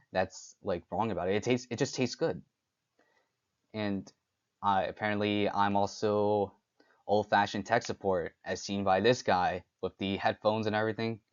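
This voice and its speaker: A young man hosting a solo talk, speaking haltingly with frequent restarts and fillers. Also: fairly low pitch, muffled recording. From United States. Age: young adult. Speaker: podcast host. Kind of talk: unscripted solo talk on stereotypes.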